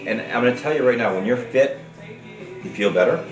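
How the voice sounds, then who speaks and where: A man's voice: medium pitch, fairly quick, roomy sound, dull audio, music in the background. A man from New York co-hosting a casual chat, chiming in emphatically and teasing. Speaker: co-host.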